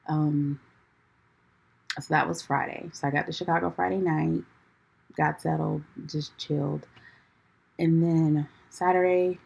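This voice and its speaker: Low, husky-voiced woman chatting casually. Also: a little mellow, rough recording. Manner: chatty, peppered with "like", calls listeners "y'all"; laughs through her own story. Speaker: podcast host. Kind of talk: casual storytelling chat.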